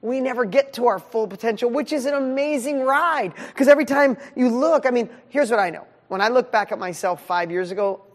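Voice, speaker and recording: An energetic man in his fifties leads a live coaching session, speaking in a loose, animated, conversational style. His voice rings with a long reverb tail. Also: extremely high pitch, fairly quick, few pauses. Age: 50s. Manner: energetic, animated, casual with frequent "like". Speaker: business coach. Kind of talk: motivational live training.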